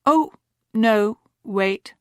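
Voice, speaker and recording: A woman's voice: mid-range voice, animated, extremely slow, no room sound, clean studio sound. A woman voicing a playful, teasing young woman who reads her sister's letter with theatrical flair.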